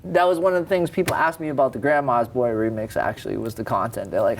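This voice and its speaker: A man's voice: mid-range voice, fast talker, slight background noise. A man in his thirties from Cambridge, Massachusetts, a rapper talking candidly and a bit rambling as a guest in a TV studio interview. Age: 30s. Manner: candid, rambling, self-correcting. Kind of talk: casual interview talk.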